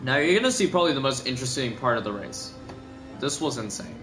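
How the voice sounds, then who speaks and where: A man's voice: mid-range voice, animated, fast. A young man talking casually over a replay of his own race, rambling and correcting himself, sleepy and yawning. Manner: rambling, filler-heavy, self-correcting. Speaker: gaming video commentator. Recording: gameplay music behind.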